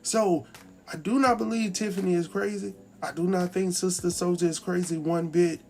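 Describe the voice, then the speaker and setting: A man's voice: sits high, normal speed, faint music behind. Chatty man recapping a TV episode. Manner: chatty, animated, acts out characters' lines. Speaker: TV recap host. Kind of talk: casual recap commentary.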